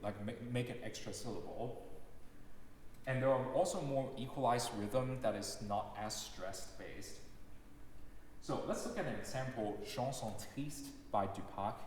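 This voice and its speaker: A man lectures from a stage in a measured, explanatory way, pausing on ums and uhs. His voice rings through a big, reverberant hall with a long tail. A faint hiss of room noise sits under it. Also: fairly low pitch. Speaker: lecturer and pianist. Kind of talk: lecture recital talk. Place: concert hall. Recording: very echoey hall recording.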